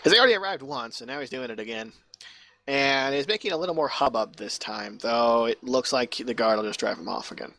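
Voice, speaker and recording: A man's voice: mid-range voice, lively intonation, fairly quick, fairly bright tone. A man narrating as game master over voice chat, in a loose, chatty way with many fillers. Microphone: online voice chat mic.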